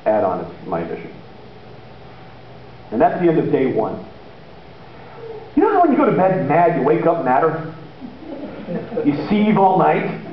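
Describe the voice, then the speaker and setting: A high-voiced man preaches in a church with a casual, animated storytelling style, slipping into the voices of the people he describes. The sound is dull and lo-fi, and it rings heavily around a big echoey room with a faint hiss underneath. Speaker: pastor. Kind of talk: sermon.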